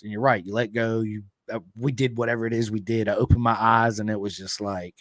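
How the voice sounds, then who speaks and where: Male podcast guest, casual and animated, dry recording. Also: a little fast, hardly any pauses, no echo. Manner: animated, swearing, acts out quotes with big pitch jumps. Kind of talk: casual storytelling chat.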